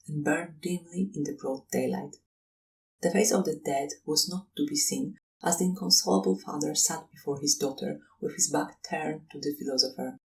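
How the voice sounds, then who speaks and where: An audiobook narrator reading a classic story in measured, even scripted narration. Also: mid-range voice, vocal fry, distant mic, a little hiss or hum, poor audio.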